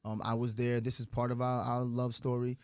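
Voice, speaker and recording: A man in his thirties, a radio show guest, telling lively stories about his family and acting out the voices in them. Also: medium pitch, fairly quick, clear, resonant tone, no echo, clean studio sound. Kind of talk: animated storytelling.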